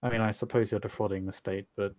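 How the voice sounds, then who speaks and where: A man's voice: lowish voice, little pitch movement, fast, a little mellow, no echo, clean studio sound. A man running a tabletop role-playing game as game master, playful and stammering, narrating and voicing characters in a casual way. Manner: stammering, playful, laughs often.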